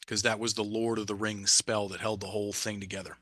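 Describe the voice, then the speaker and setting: A man guesting on a podcast, telling a story in a lively, animated way and restarting his phrases, sometimes dropping almost to a whisper. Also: lowish voice, quick pace, dry recording. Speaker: podcast guest, mindset coach. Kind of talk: casual conversation.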